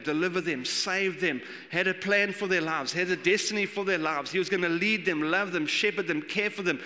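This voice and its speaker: A man preaching a sermon as pastor, animated and acting out the voices he quotes. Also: fairly high pitch. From South Africa. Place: church hall. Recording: long church hall reverb.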